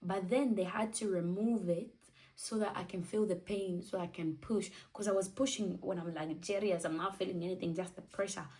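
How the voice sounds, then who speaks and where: A woman's voice: lowish voice, steady tone, fairly quick, a little mellow, distant mic, poor audio. A twenty-year-old woman telling a personal story in a candid, emotional way, acting out what she and others said. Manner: candid, emotional, acts out her own quotes. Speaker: vlogger.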